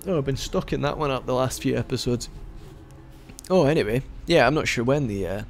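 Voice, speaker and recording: A man's voice: mid-range voice, fairly quick, vocal fry, slight background noise. A man giving casual, rambling let's-play commentary as he plays, joking and often restarting his sentences. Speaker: gaming video host.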